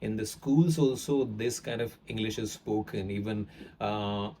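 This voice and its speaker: A man's voice: fairly low pitch, measured pace, mellow, a little hiss or hum. A man with an Indian accent explaining things in an online English lesson, with many fillers and words stressed for emphasis. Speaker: English teacher.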